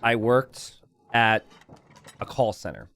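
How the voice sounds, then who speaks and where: Man from the US, game caster, casual rambling storyteller, very lively pitch. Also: takes it slowly, creaky, a little hiss or hum. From United States.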